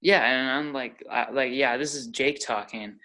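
An excitable player in a tabletop role-playing game. The talk rambles, with lots of fillers, between in-character and out-of-character remarks. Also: medium pitch, moderate pace. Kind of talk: casual tabletop role-play.

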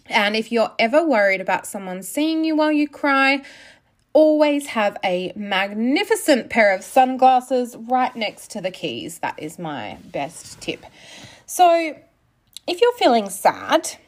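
A woman's voice: a little high, big pitch swings, measured pace. A woman, hosting a casual solo podcast in a candid way, swearing freely and laughing often. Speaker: podcast host.

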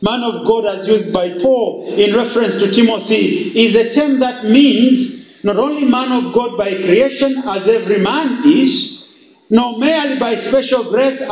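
Man, pastor, sermon, high voice, slow emphatic delivery, echoey hall. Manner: slow, emphatic preaching with dramatic pauses and acted quotes.

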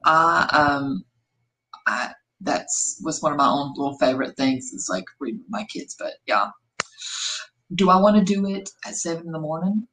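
A woman's voice: low voice, animated, normal speed, a bit bright, poor audio. A woman in her thirties co-hosting a casual book chat, talking with lots of fillers and quoting herself. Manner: chatty, filler-heavy with acted quotes. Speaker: podcast co-host.

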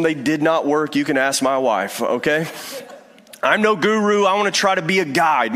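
A man's voice: sits high, sharp tone. Self-deprecating preacher man in a reverberant hall. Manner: conversational, self-deprecating preaching, addresses listeners as friend. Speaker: pastor. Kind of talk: sermon.

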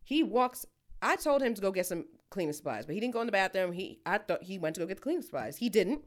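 A young woman co-hosts a casual podcast. She tells her stories in an animated, profane way and throws herself into acting out quoted lines. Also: mid-range voice, fast. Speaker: podcast co-host. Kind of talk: casual storytelling chat.

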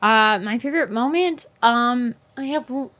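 A woman's voice: on the high side, moderate pace, a crowd in the background. A woman co-hosting a podcast in casual chat, playful and goofy, swearing freely. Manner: playful, goofy, puts on silly voices. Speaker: podcast co-host.

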